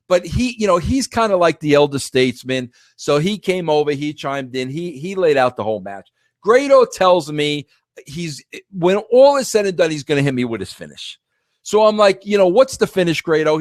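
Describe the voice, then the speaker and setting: Podcast host, man, middle-aged, slightly high voice, dry close mic, emphatic storyteller. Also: no echo. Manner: animated, emphatic, repeats words, addresses listeners as guys. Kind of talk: casual storytelling monologue.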